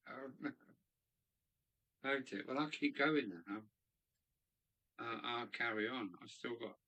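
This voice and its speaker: A man's voice: medium pitch, bright, forceful tone, low-quality recording. A man hosting a live stream, chatting casually and rambling as he muses aloud and answers viewers. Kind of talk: casual chat reading viewer comments. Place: hobby room in a loft.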